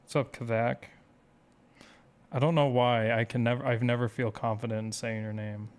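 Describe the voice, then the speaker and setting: A man's voice: medium pitch, level tone, fairly quick, darkish tone. A man speedrun streamer chatting casually with his viewers, rambling and self-deprecating as he reads chat aloud.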